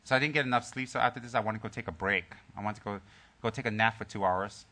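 A man gives a Dharma teaching to his group as their teacher. His voice sits low with a bright, forceful edge. He jokes easily and then settles into calm, soft storytelling full of fillers and restarts. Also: fast. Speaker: Buddhist teacher.

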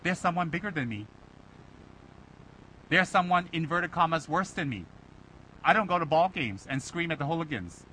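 A man teaching a Buddhist dharma talk, animated and rhetorical, mimicking his listeners' complaints. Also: a little high, normal speed, long pauses, slight background noise, low-quality recording. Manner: animated, rhetorical, mocking imitations.

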